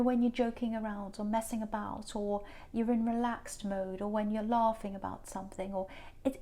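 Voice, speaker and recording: Woman, tarot reading, earnest, repeats points, slightly high voice. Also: darkish tone. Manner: earnest, repeats herself for emphasis. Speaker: tarot reader.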